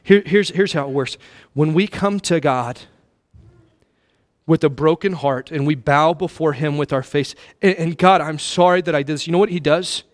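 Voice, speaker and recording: A middle-aged male pastor preaching a sermon in a church, impassioned, swinging from loud to hushed, repeating words and calling listeners friend. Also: fairly high pitch. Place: church sanctuary.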